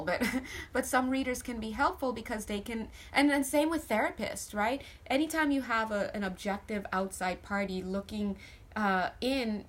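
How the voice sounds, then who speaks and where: A woman talks to camera through a casual tarot reading. She is chatty and playful, cracking jokes for her viewers and breaking off mid-sentence to rephrase. Her voice sits at an ordinary middle pitch. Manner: chatty, self-correcting, joking with viewers. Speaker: tarot reader.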